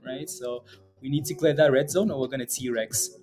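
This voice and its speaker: A man's voice: mid-range voice, steady tone, moderate pace, over loud music. A man hosting a live day-trading stream, chatting and joking over stock charts and tagging "right?" onto many lines. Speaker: day trading livestream host.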